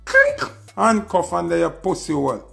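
This diss video features a social media personality with a Jamaican accent, talking at a normal speed in a fairly high voice. Soft music sits in the background as he taunts scornfully, going over the same insults repeatedly.

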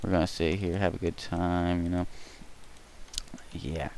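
A young man talks loosely as he builds, a low voice with a gravelly edge. He jokes and rambles without a script, recorded on a cheap mic with a little echo and a faint hiss underneath. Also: level tone, a little slow, a little mellow. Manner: goofy, rambling, breaks into silly singing and mock threats. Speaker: gaming tutorial creator. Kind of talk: casual building commentary.

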